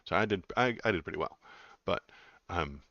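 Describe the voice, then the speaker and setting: A man's voice: low-pitched, expressive, moderate pace, a bit bright, no echo, dull audio. A man hosting a casual political livestream, joking and rambling. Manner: joking, rambling, self-mocking. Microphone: webcam setup.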